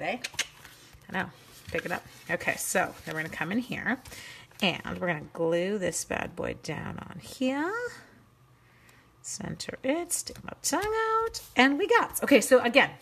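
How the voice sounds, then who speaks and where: A middle-aged woman hosts a card-making livestream from home, chatting casually and greeting viewers by name as she crafts. Her medium-pitched voice has vocal fry and a fairly bright tone, with slight background noise.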